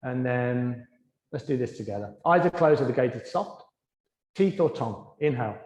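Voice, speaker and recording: A man teaching a yoga class, giving gentle, encouraging breathing and movement cues that soften and slow during the breathing practice. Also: mid-range voice, animated, roomy sound, big-room sound, lo-fi sound. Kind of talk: guided yoga class instruction. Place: yoga studio.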